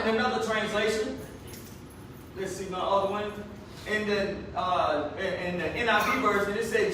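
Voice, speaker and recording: A man preaching a sermon to his congregation, emphatic and animated. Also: high voice. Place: church. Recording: echoey room from far off, faint noise.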